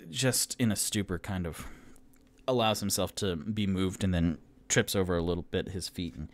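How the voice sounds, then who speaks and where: A man's voice: low voice, normal speed. A man narrating a solo tabletop game as game master, in a casual, rambling way that often corrects itself.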